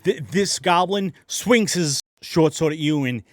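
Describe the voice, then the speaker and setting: A man's voice: a little high, a little slow, no echo, soft background music. A man narrating a tabletop game as game master, playful and dramatic with some self-mocking asides.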